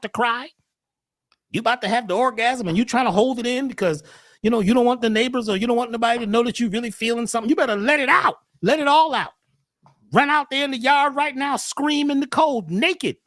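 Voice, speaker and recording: A man as a podcast guest talking casually in an animated, preachy way, often repeating words as he starts a thought. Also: very high voice, no echo, clean studio sound.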